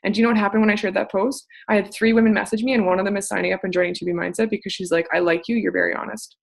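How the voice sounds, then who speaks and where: Young woman, gravelly fry, upbeat casual coaching talk with mild swearing. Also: medium pitch, racing. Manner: energetic, chatty, swears casually. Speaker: network marketing coach. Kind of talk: casual motivational talk on a group call.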